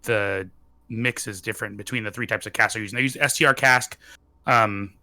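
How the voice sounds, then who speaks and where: Guy in his 30s hosting a whiskey stream, bright voice, jokey and fast. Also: on the low side, fairly even intonation, no echo. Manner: joking, teasing, talks fast in bursts. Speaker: whiskey show host. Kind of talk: casual live-stream chat.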